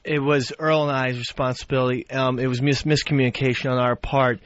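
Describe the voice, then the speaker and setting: A man's voice: mid-range voice, little pitch movement, a little fast, slight background noise. A man speaking on a radio show as a producer, meek and answering with short acknowledgments. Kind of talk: on-air studio talk. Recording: dull archival satellite radio broadcast.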